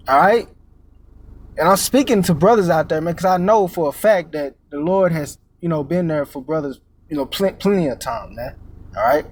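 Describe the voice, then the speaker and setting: A preacher with a noticeably high voice gives a casual, profane street-style sermon, cussing freely and constantly dropping fillers like "man," "you know," and "all right?" He stammers, repeating words and restarting as he searches, before pushing his point.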